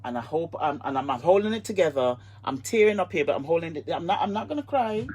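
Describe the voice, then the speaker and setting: A woman hosts a live online interview in a husky voice. She gushes with feeling and circles back over her own words. Her tone stays warmly emotional and effusive. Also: on the low side, animated, fast talker. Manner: effusive, emotional, repeats herself. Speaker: host.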